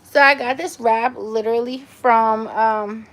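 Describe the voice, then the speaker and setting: A woman's voice: on the high side, fairly even intonation, measured pace, fairly bright tone. A woman hosting a casual live stream from home on her phone, chatting with viewers and cooing baby talk to her dog. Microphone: phone camera.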